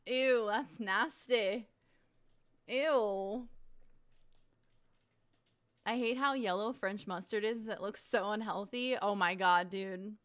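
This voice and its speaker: Give me a chatty young woman streaming, reading chat messages aloud at a relaxed, slow pace. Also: mid-range voice, no room sound, clean studio sound. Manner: chatty, giggly, exclamatory.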